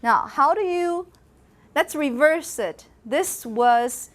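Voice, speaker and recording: A woman giving a university phonetics lecture, repeating example words slowly to demonstrate sounds and now and then slipping into Mandarin. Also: sits high, animated. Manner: switches briefly into Mandarin. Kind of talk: classroom lecture. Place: lecture hall.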